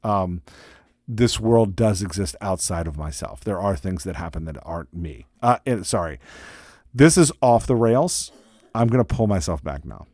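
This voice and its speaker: A man's voice: low voice, lively intonation, normal speed, darkish tone, dry recording. A middle-aged man hosting a casual solo podcast update, talking loosely and mocking himself, with many fillers and restarts into a close microphone. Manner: rambling and self-deprecating, with many fillers and restarts. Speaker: podcast host and writing coach. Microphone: close studio microphone.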